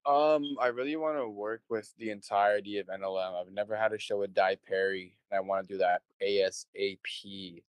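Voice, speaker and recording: A young man with a lowish voice tells loose, rambling stories and swears freely. He acts out what people said as he goes. The mic is close and dry. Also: a little fast, few pauses, clear, resonant tone, dry recording, dull audio. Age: young adult. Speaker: interview guest, show promoter. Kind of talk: casual conversation.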